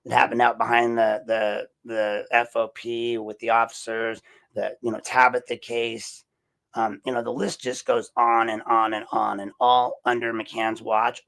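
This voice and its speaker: A man with a raspy, deep voice hosting an opinionated solo podcast, talking in an indignant, rambling way and repeating himself. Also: a bit bright. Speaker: podcast host.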